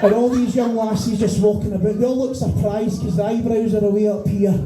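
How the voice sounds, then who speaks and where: A man's voice: sits high, fairly even intonation, brisk, music in the background. A middle-aged Scottish man doing a stand-up set, ranting with profanity and exasperated rhetorical questions. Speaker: stand-up comedian. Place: small bar venue stage. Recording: echoey bar room.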